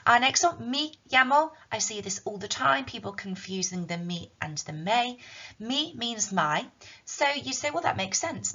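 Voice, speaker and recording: A Spanish teacher, a woman with a lowish, pushed, bright voice, gives a recorded language lesson. She explains patiently with frequent ums, and the recording is dull and lo-fi.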